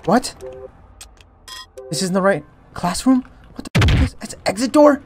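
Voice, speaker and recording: A young man narrates his horror playthrough in a slightly high, very lively voice. He jokes between scares and breaks into yelps and panicked chatter when something jumps out. Quiet game music plays behind him. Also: normal speed, long pauses. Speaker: streamer playing a horror game. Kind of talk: let's play commentary. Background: faint game music.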